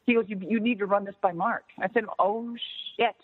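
A woman's voice: mid-range voice, quick pace, husky. A middle-aged woman, a former wrestler, telling stories in a casual interview, swearing freely and acting out what others said. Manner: animated, swears freely, acts out quoted dialogue. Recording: tinny phone-like line with long reverb.

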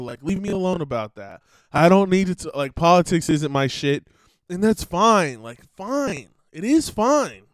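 Profane male streamer with a slightly raised pitch and a dry close sound, rambling and blunt. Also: clean tone, dry recording, poor audio. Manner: blunt, profane, laughs between rambling asides.

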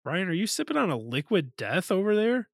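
Higher-voiced, animated man bantering. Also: fairly quick, gravelly, dry recording. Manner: playful, swears freely, rambling. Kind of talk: casual chat.

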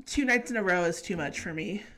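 A woman's voice: on the low side, expressive, brisk, a bit bright. A young woman from California, co-hosting a podcast in casual chat, chatty and laughing often as she tells stories. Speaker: podcast co-host.

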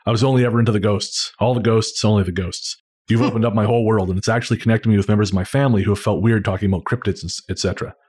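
A man co-hosting a podcast, casually reading listener letters aloud in a relaxed, halting way with frequent fillers. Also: fairly low pitch. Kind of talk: casual chat.

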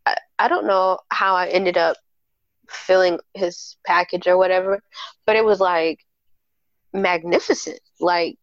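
A woman's voice: fairly low pitch, unhurried, long pauses, dry recording, dull audio. Candid woman telling a juicy story. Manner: candid, animated, acts out quoted dialogue. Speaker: podcast guest. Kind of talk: casual storytelling chat.

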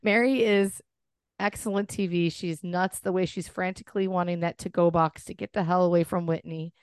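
A woman's voice: fairly low pitch, steady tone, normal speed, smooth, dry recording, studio quality. Blunt chatty woman podcaster. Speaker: podcast co-host. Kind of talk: casual chat.

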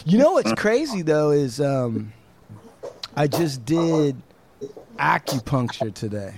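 A man's voice: on the high side, very animated, takes it slowly, creaky, noisy background. A man co-hosting a podcast, chatting casually and cracking jokes. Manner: joking, easygoing, chimes in with wisecracks. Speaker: podcast co-host. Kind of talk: casual chat.

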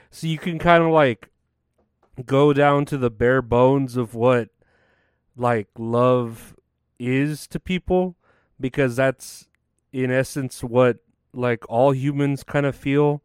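A man's voice: mid-range voice, slow pace, smooth, no echo, clean studio sound. A young man rambling casually to camera, tired and yawning, full of fillers and restarts. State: sleepy, yawning. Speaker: vlogger.

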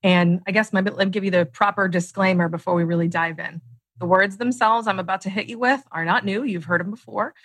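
A woman near forty speaks in an even middle register, explaining her ideas as a podcast guest. She acts out the voices in people's heads with lively turns. The sound is dry and close, with no room around it. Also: mid-range voice, fairly quick, dry recording. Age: late 30s. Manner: animated, acts out inner voices. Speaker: guest author and coach.

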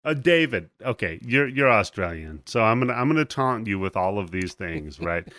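A man's voice: on the low side, animated, moderate pace, bright, forceful tone, no room sound. A man hosting a podcast, casually recapping a movie scene by scene with lots of swearing and laughter. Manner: profane, laughing, play-by-play retelling. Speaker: podcast host.

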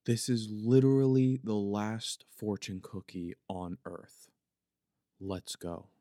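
Deep-voiced Philadelphia man, mushy consonants. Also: slow, warm tone, dry recording, clean studio sound. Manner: mushes consonants together, rambling and jokey. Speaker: podcast host. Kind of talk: casual solo podcast chat. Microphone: podcast microphone.

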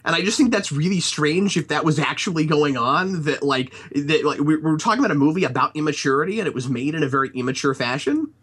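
A man's voice: fairly high pitch, lively intonation, quick pace, few pauses, fairly bright tone, husky. A man in a casual podcast chat, giving a rambling critique of a movie with lots of restarts. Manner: rambling, many restarts and fillers.

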